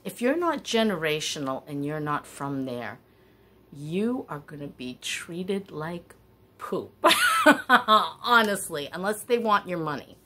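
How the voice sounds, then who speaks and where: A middle-aged woman telling stories in a chatty, wandering way with animated asides. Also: sits low, unhurried. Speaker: vlogger. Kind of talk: casual storytelling.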